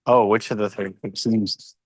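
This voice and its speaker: A man's voice: fairly low pitch, level tone, normal speed, darkish tone, no room sound, clean studio sound. A man as a quiz guest, laid-back, answering in short replies. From partly African. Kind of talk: casual online call.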